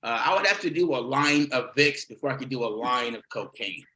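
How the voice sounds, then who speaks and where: A man's voice: mid-range voice, animated, fairly quick, pushed and bright, rough recording. A man doing a stand-up set over a video call, rambling, swearing often and laughing at his own jokes. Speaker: stand-up comedian.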